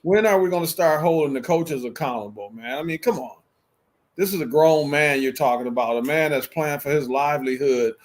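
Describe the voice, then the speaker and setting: This sports talk show co-host has a high-leaning voice and talks fairly quickly. In a casual debate, he argues football picks in an emphatic, conversational manner.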